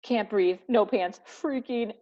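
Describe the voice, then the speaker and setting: A woman's voice: on the high side, takes it slowly, dark tone, far from the mic, voice pushed up. A woman voicing a cowardly male shark who panics and gasps for breath. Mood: panicked. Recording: dull lo-fi recording.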